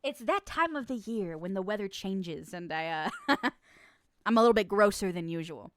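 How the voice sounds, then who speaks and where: A woman's voice: mid-range voice, animated, normal speed, no echo, studio quality. A woman streamer playing a nun who hears chat's confessions, swinging between mock-solemn verdicts and profane, laughing banter. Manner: laughs often.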